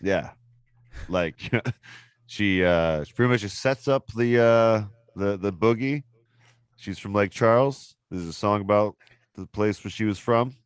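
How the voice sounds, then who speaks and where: Deep, smooth-voiced male podcast host. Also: a little slow, dry recording, studio quality. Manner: loose, rambling explanations with frequent fillers. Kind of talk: casual podcast chat.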